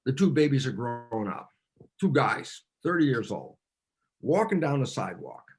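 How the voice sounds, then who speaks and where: A man, a cell biologist, explaining ideas in an interview as an animated storyteller, with frequent restarts and filler words. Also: medium pitch, moderate pace, a little hiss or hum.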